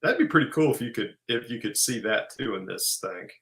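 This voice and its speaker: A man's voice: mid-range voice, expressive, fairly bright tone. A man co-hosting a casual livestream chat, easygoing and agreeable. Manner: easygoing, agreeable, quick to laugh.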